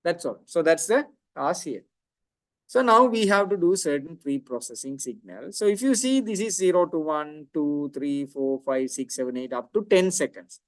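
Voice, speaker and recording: A man's voice: fairly high pitch, lively intonation, normal speed, no room sound. A middle-aged man lecturing on audio and speech technology, explaining step by step and often checking in with "right?".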